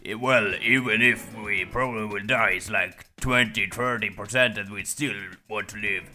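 Bright-voiced, giggly podcast co-host man. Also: fairly low pitch, fairly even intonation. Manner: giggly, joking, quick to laugh. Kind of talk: casual podcast chat.

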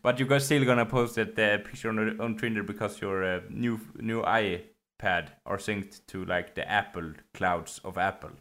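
A man's voice: on the low side, moderate pace, hardly any pauses, fairly bright tone. A man, an English speaker, co-hosting a casual chat and joking playfully with frequent laughs. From Sweden. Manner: playful, joking, laughs often, hesitant restarts. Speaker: podcast co-host.

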